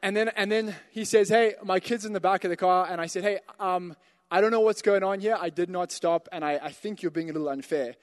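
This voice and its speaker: A man with a fairly high voice delivers a sermon in a church. He tells a personal anecdote in a chatty way, then pushes into forceful calls to his listeners. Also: brisk, big-room sound. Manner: storytelling, builds to emphatic exhortations. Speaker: pastor.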